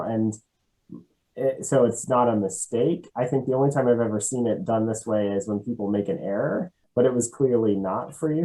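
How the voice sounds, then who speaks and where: A man's voice: lowish voice, dark tone, rough recording. A man hosting a casual interview over a video call, friendly and stammering on his restarts. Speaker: interviewer and host.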